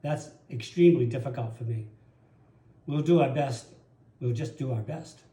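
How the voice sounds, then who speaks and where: A man's voice: mid-range voice, normal speed, mellow. A man preaching a sermon as pastor, telling personal stories in an earnest way. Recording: roomy echo.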